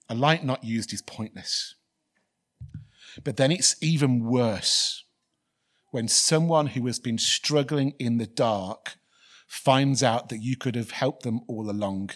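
A man delivering a sermon at a middle pitch. He preaches earnestly and repeats key lines, rising into pleading questions. His voice sits at an ordinary male pitch. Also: measured pace.

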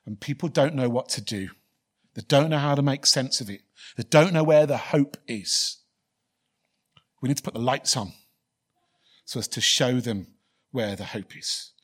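A man preaching a sermon in an earnest, repetitive way, building to pleading questions and ending in prayer. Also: mid-range voice.

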